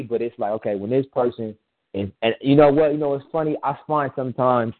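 A man's voice: medium pitch, steady tone, fast. A man in casual chat, telling a personal story in a rambling, emphatic way with frequent restarts. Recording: tinny phone-line sound.

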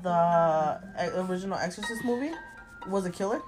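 A woman's voice: lowish voice, fairly quick, a little mellow, poor audio. A young woman co-hosting a podcast with her sister, bantering casually and teasing. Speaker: podcast co-host. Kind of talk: casual chat. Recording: music clearly underneath.

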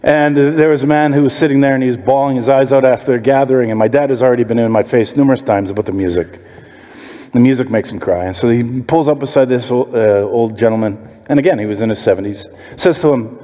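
Pastor preaching in a reverberant hall. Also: male voice, medium pitch, a little fast. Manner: storytelling, animated preaching with quoted voices. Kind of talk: sermon. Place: church sanctuary.

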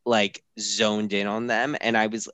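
A man's voice: fairly low pitch, flat delivery, unhurried, fairly bright tone, clear, resonant tone, no echo. A man co-hosting a podcast, chatting casually, swearing and laughing between run-on asides. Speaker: podcast co-host. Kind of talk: casual chat.

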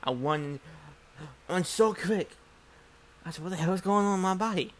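Man, casual storytelling, profane and rambling, fairly high voice. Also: moderate pace. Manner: profane, rambling, acts out dialogue.

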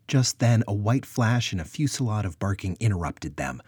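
Husky, low-voiced male storyteller. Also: normal speed, no room sound. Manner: expressive storytelling. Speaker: audiobook narrator. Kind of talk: scripted narration.

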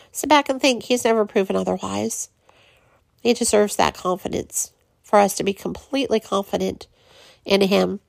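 Middle-aged woman doing a faith podcast, super gravelly fry, dry close sound, earnest and encouraging. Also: mid-range voice, no echo. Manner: earnest, encouraging, with frequent pauses. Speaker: podcast host. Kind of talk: devotional podcast talk.

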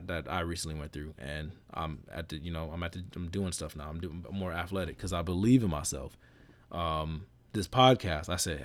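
A man's voice: low-pitched, no room sound. A man hosting his own podcast, giving a casual, rambling motivational monologue with lots of restarts. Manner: casual, repetitive, self-correcting, preachy. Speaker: podcast host.

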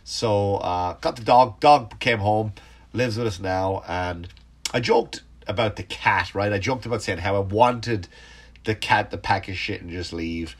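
A man's voice: on the low side, measured pace, husky. Congested man, rambling comic monologue. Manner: rambling, profane, self-interrupting. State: congested, sniffly. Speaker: stand-up comedian hosting a podcast.

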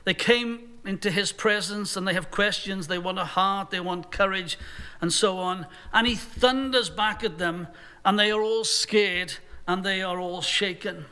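Male pastor, earnest sermon delivery, high and ringing tone. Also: measured pace, sharp tone, smooth. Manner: earnest, voices imagined speakers in quotes.

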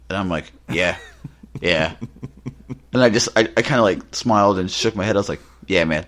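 A man's voice: on the low side, moderate pace. A man co-hosting a podcast, telling casual anecdotes and acting out the people he quotes. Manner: animated, acts out quotes in his anecdotes. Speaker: podcast co-host. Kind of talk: casual storytelling chat.

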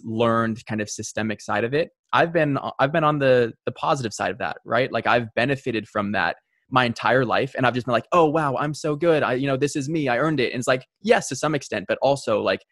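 A man's voice: medium pitch, fairly bright tone, dry recording, clean studio sound. A young man hosting a casual conversation, reflective and hesitant, often repeating words as he thinks. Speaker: podcast host.

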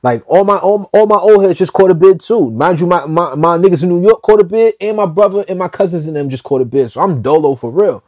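A man telling a street story in a slangy, profane, animated way, often restarting his sentences. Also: high voice, brisk, few pauses, dry recording, studio quality.

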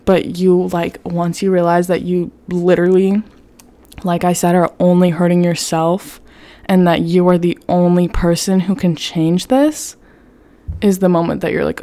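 A young woman with a low, mellow voice talks straight into a self-help podcast. She is blunt and candid, swears freely and strings her thoughts together with "like". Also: fairly even intonation, moderate pace, no room sound. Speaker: podcast host. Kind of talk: casual self-help monologue.

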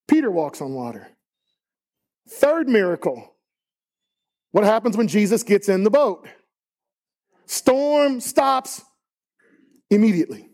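A man preaching a sermon in a church, emphatic and rising to high exclamations. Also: dark tone. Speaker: pastor. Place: church sanctuary.

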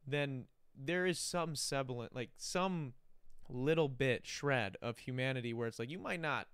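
A man hosting a podcast, reflective and quick with short reactions. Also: mid-range voice, fairly bright tone, clear, resonant tone, dry recording, clean studio sound. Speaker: podcast host. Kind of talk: casual podcast chat.

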